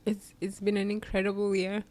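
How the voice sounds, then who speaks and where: A woman host sharing a personal reflection while tearful, halting, with sighs and long pauses. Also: mid-range voice, monotone, a little mellow, slight background noise. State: tearful, crying. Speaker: podcast host.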